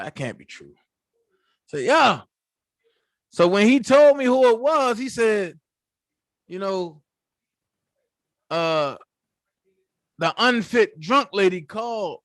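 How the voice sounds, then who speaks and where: A man rants to camera on his own channel, telling the story with plenty of swearing. His voice sits high and swings up and down a lot, and he takes his time getting the words out. The sound is dry and close. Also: slow pace, pauses often, no room sound. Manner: profane, animated storytelling. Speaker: channel host. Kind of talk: casual commentary rant.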